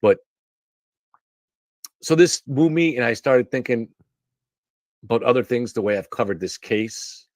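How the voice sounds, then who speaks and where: A man's voice: mid-range voice, lively intonation, a little slow, pauses often, darkish tone, no room sound, studio quality. A man hosting a live stream, telling a long personal story in a rambling way, often restarting his sentences. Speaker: show host. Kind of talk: casual monologue on a live stream.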